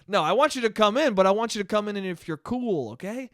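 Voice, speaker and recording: A man's voice: high-pitched, animated, fast talker, fairly bright tone, no echo, clean studio sound. A young man hosting his own podcast, talking in a heated, profane and emphatic rant. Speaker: podcast host.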